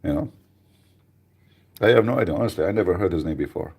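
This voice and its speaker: A man hosting a live radio show, chatting casually with mocking, rambling, deadpan asides. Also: sits low, quick pace, creaky, husky. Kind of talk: casual joking livestream chat.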